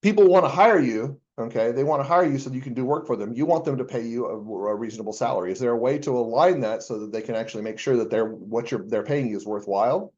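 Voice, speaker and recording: A man's voice: medium pitch, fast talker, few pauses, darkish tone, highs cut off. A male accounting professor giving a conversational university lecture, asking the class rhetorical questions with frequent fillers.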